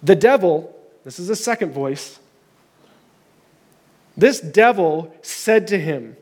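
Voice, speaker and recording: A man's voice: high-pitched, expressive, slow pace, darkish tone, in a large hall. A man preaching a conversational sermon as pastor, reading scripture aloud with earnest emphasis.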